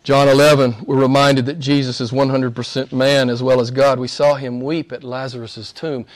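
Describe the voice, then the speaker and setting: A male pastor preaching a sermon in a conversational way, speaking straight to his listeners and swinging from loud stresses down to near-whispers. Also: mid-range voice, level tone, normal speed. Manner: conversational, addresses listeners directly.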